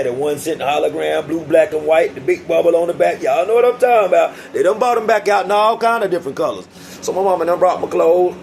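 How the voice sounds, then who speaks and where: A man's voice: fairly high pitch, vocal fry, darkish tone, a little hiss or hum, rough recording. A young adult man telling a casual storytime vlog, slangy and profane, often addressing his listeners directly. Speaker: vlogger telling a prison story.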